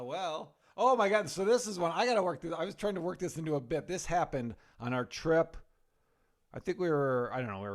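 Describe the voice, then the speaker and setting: Exasperated man telling a story. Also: medium pitch. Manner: animated storytelling, exasperated, swears casually. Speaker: podcast co-host. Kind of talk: casual chat.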